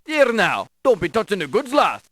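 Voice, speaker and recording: An actor playing a gruff, impatient Irish police desk sergeant with an Irish accent in a video game. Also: male voice, high-pitched, huge pitch swings, normal speed, bright, forceful tone, heavily acted. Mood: brusque. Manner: brusque, dismissive, calls her lass. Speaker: game character.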